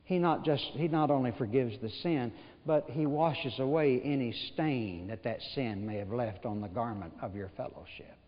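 A man delivers a sermon at an ordinary middle pitch, telling homespun stories and putting questions to his congregation with light humor. The recording is dull and lo-fi, and his voice rings on in the long reverb of a large church. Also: normal speed. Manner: folksy storytelling, rhetorical questions, gentle humor. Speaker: preacher.

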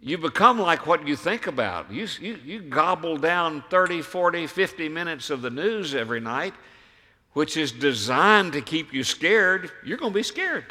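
Forceful preacher in a reverberant church. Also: male voice, fairly high pitch, animated, normal speed. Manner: emphatic, rhetorical questions, swings from hushed to loud. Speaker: pastor. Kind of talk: sermon. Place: church sanctuary.

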